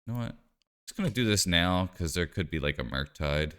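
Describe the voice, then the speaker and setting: A man's voice: low voice, expressive, a little fast, fairly bright tone, clean tone. A man streaming live, chatting casually and joking while he plays a card game, rambling with lots of "like" and "you know".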